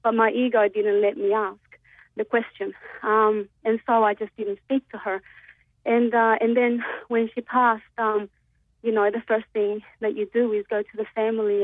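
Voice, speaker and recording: A woman's voice: medium pitch, no room sound. A nervous woman calling in from Australia to a radio show, telling a story with many hesitant ums. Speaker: radio caller. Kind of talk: call-in storytelling. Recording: tinny phone line.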